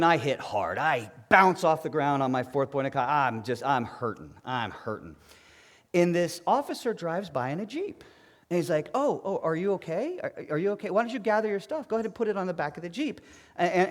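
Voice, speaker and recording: A middle-aged man, a martial arts master instructor, telling plainspoken stories in a talk at a retreat. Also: medium pitch. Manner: animated, plainspoken anecdotes.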